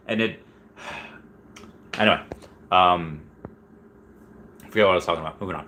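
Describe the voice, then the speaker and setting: A man hosting a casual livestream, reading viewer comments aloud and rambling excitedly. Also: deep voice, normal speed, long pauses. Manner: excitable, rambling, many restarts and squeals. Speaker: livestream host.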